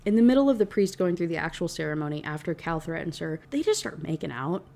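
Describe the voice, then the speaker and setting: Young woman, mellow voice, casual book-review rant, exasperated and sweary. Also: low voice, expressive, quick pace, vocal fry. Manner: exasperated, profane, heavy use of "like".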